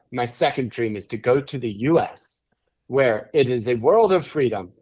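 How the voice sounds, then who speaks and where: Guy doing a teary young waiter, soft and heartfelt, kinda low and slow. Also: natural voice. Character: tearful earnest young male waiter.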